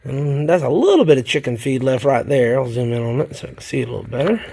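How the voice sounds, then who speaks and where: A man's voice: medium pitch, expressive, quick pace, vocal fry, mellow, slightly rough. A man with a Southern US accent, chatting folksily to viewers in a rambling, casual way while tending his worm bins in a shed. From South Carolina, US. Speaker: worm farmer vlogger. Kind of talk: casual vlog chat while working. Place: garden shed.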